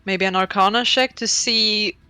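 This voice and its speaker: Speak as a woman at the gaming table. Keep it casual and bright, with a dry, close sound. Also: medium pitch, steady tone, normal speed, clean tone, no room sound. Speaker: player. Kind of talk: casual game chat.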